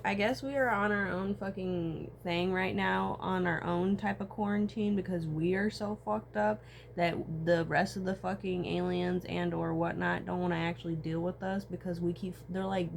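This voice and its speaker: A woman's voice: on the low side, normal speed, vocal fry, a little hiss or hum. A woman, talking in a casual, profane personal monologue. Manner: casual, profane, animated storytelling with frequent laughs.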